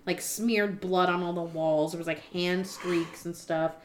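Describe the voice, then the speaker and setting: A woman's voice: on the low side, fairly even intonation, measured pace, slight background noise. A woman co-hosting a podcast, chatting casually and rambling with lots of fillers and swearing. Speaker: podcast co-host. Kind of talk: casual chat.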